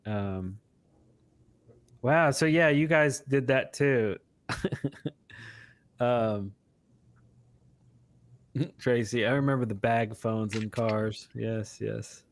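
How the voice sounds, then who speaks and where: A man's voice: mid-range voice, very slow, long pauses, no room sound. A man co-hosting a live stream, chatting casually, laughing often and reading viewer comments aloud. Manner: animated, laughs often, reads chat aloud. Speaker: co-host of a live show.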